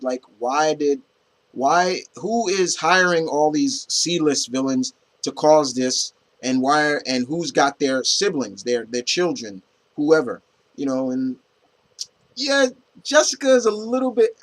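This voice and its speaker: Rambling young man reviewing comics. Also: on the high side. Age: young adult. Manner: rambling, many fillers and restarts, swears casually. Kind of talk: casual spoken review.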